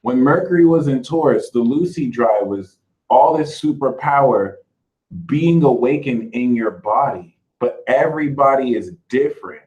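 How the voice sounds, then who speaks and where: A man's voice: mid-range voice, lively intonation, moderate pace, a little mellow, low-quality recording. A man hosting his own channel, giving a casual spiritual talk straight to his viewers in a chatty way. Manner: chatty, addresses viewers directly as y'all. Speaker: spiritual reader and channel host.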